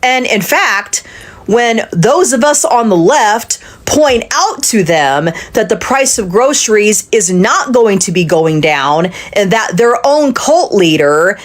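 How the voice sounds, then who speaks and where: Expressive woman delivering indignant political commentary. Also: medium pitch, slow pace. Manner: indignant, emphatic. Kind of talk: casual commentary.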